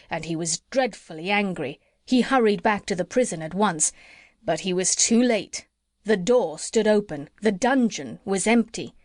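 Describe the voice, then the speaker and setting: A woman narrating a classic children's storybook in a gentle, measured way. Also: mid-range voice, no room sound, studio quality. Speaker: audiobook narrator.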